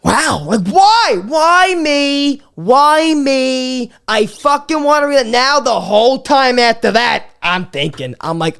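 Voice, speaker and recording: Young woman comic host, voice on the high side, animated storytelling with lots of stammered restarts. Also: measured pace, clean tone. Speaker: podcast host. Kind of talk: comedic storytelling monologue.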